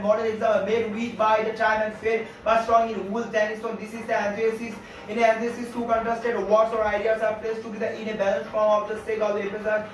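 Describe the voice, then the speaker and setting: A man teaching a class on figures of speech, speaking haltingly with many fillers and repeated phrases. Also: high voice, a little hiss or hum. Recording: echoey room, distant lo-fi mic.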